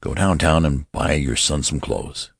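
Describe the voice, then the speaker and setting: Man reading a prim bossy nurse, low husky voice, short and curt. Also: measured pace, no room sound, studio quality, exaggerated voice. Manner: curt, commanding.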